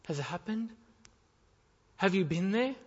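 A man preaching a sermon, swinging between loud urgent appeals and quiet, pleading questions. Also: high-pitched, animated, a little slow. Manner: impassioned, rising and falling between loud appeals and quiet pleas. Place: church hall. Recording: dull reverberant hall sound.

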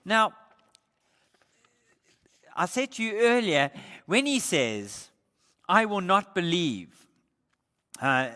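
Emphatic high-voiced male preacher. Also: sing-song, bright, forceful tone. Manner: emphatic, slows to stress key words. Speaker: pastor. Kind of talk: sermon. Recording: echoey hall.

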